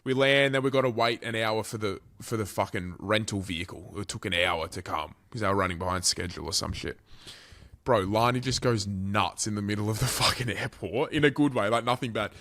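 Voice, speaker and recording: A young Australian man telling a story on a podcast, animated and sweary, his voice swinging between loud and quiet. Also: fairly low pitch, brisk. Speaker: podcast co-host. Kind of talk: casual storytelling chat.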